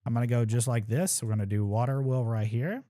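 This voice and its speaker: A young man gives casual live commentary on his speedrun, working things out aloud and adding wry asides about his errors. He has a warm, mid-range voice and a brisk pace.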